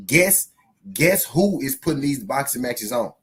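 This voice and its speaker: A man hosting a casual live boxing talk show, with a voice at an ordinary male pitch. He is profane and animated and speaks straight to his viewers. He reads a news article aloud and breaks off to comment on it. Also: normal speed, breathy edge. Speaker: boxing channel host.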